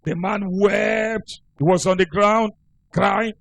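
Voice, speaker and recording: A male pastor preaches, telling a moral story with emphatic, earnest delivery. His voice sits high for a man. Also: steady tone, slow pace, vocal fry, no echo, rough recording. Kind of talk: sermon.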